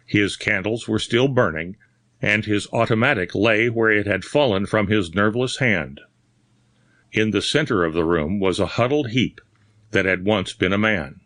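A man narrating an audiobook ghost story in measured, expressive storytelling. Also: on the low side, no echo. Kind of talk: scripted narration.

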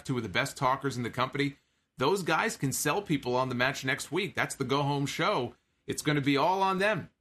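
Bright-voiced man recapping wrestling. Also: mid-range voice. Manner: opinionated, conversational, quotes wrestlers' lines. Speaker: wrestling podcast host. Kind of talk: casual show recap commentary.

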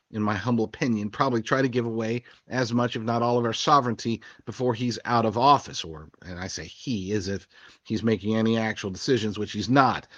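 A man's voice: medium pitch, dry recording, highs cut off. Rambling man hosting political commentary. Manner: rambling, sarcastic asides with chuckles. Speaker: political show host.

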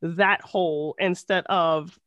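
A woman's voice: fairly low pitch, steady tone, takes it slowly, a bit bright, dry recording, dull audio. A woman co-hosting a podcast with an accent, chatting casually and rambling with giggles. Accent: non-native English accent. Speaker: podcast co-host. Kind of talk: casual chat.

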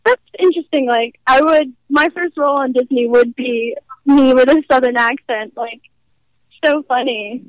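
Giggly young actress from nashville, high bright voice, dry close sound, says like a lot. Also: female voice, unhurried, no echo, poor audio. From Nashville, American South. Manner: bubbly, giggly, heavy use of "like". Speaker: guest actress. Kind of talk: casual interview chat.

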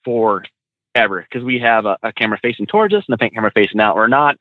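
A man who trains truck drivers, a podcast guest, telling road stories in casual, animated talk that is loose with swearing and slang like "bro". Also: fairly low pitch, fast, no echo. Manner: animated, swears freely, says "bro" and "dude". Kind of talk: casual storytelling in an interview. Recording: dry, tinny phone-like sound.

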